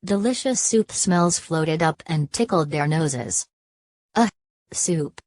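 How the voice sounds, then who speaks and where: A woman narrating a children's storybook in an even, scripted reading voice. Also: deep voice, a little slow, dry recording.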